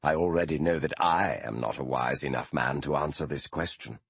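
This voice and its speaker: A man reading the part of Sherlock Holmes, an earnest, shaken detective who asks halting, urgent questions. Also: rumbling low, vocal fry, a bit bright, slightly rough, no echo, heavily acted.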